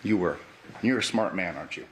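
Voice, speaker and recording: Guy lawyer grilling a witness in court, lowish voice, keeps hammering "correct?", bit of faint hiss behind. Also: animated, brisk. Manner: pressing, repeats "correct?" to pin down answers. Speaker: defense attorney. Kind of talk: courtroom cross-examination.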